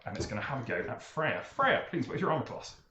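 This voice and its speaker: A man narrating as game master, playful and animated, jumping up in pitch for emphasis. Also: fast talker. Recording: echoey room mic with faint noise.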